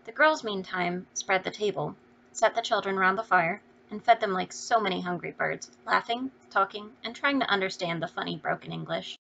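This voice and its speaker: A woman reading a classic novel aloud as an audiobook, in a steady storytelling delivery. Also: medium pitch, normal speed, gravelly. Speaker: audiobook reader. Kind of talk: scripted narration. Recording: dull lo-fi recording.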